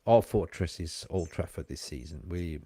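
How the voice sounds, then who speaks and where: Joking around with chat on a casual fan-channel stream, this excitable male co-host has a slightly rough, lowish voice at an ordinary pace. A faint Australian tinge colors his mixed accent, and the recording is close and dry with no room sound.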